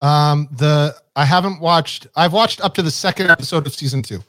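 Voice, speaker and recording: A man's voice: a little high, normal speed, a bit bright, no room sound. A man co-hosting a casual chat, teasing his partner playfully and stumbling over restarts. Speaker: podcast co-host.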